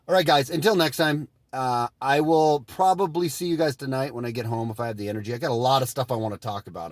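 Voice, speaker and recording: A man hosting his own video channel, ranting sarcastically in a rambling way that swings between loud and soft. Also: medium pitch, no room sound. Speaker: vlogger host. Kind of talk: casual commentary rant.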